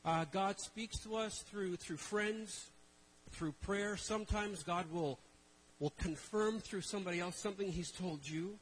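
High-voiced man preaching with wry humor. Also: a little slow, a little hiss or hum, poor audio. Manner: conversational, self-deprecating humor with rhetorical questions. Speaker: traveling minister. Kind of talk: sermon to a live congregation.

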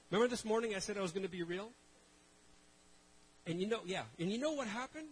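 Speaking before a live congregation, a middle-aged traveling minister with a fairly high voice keeps his sermon conversational, poking fun at himself and posing rhetorical questions. The pace is moderate, and the rough audio has slight hiss or hum.

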